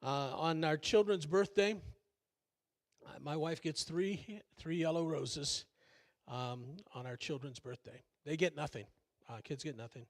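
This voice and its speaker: In a church sanctuary, an older male pastor delivers a sermon in a voice pitched slightly above most men's. His delivery is a little slow and folksy, conversational and packed with fillers and jokes at his own expense.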